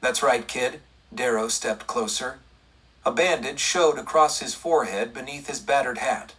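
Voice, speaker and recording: A man narrating a western audiobook in a steady storytelling read. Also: mid-range voice, normal speed, slightly rough, far from the mic, rough recording. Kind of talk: scripted narration.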